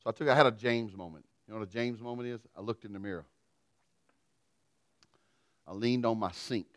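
Telling a folksy story that pokes fun at himself, a middle-aged male pastor preaches a sermon that swings from loud to quiet. He speaks at a fairly low pitch and a little fast, captured in a dry recording.

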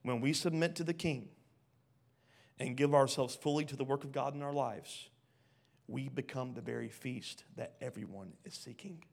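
This pastor's sermon moves between hushed passages and loud ones as he reads scripture and quizzes the congregation. He speaks at normal speed with a medium, creaky voice.

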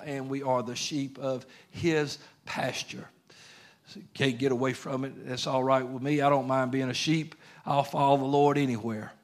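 An earnest man preaching a Bible lesson. His delivery is conversational and homespun rather than grand, with loose everyday grammar. His pitch sits in a middle range for a man. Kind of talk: sermon.

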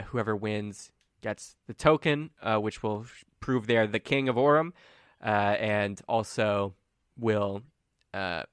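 A man runs a tabletop game, his voice low and smooth. The sound is dry and close, and he narrates in a loose, easygoing way, full of ums and uhs. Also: no echo. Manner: relaxed storytelling with many fillers. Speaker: game master.

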